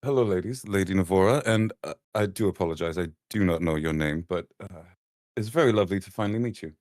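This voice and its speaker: A man voicing a flustered male professor who stammers and apologizes while flattering a lady. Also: deep voice, fast talker, dry recording, studio quality, natural voice.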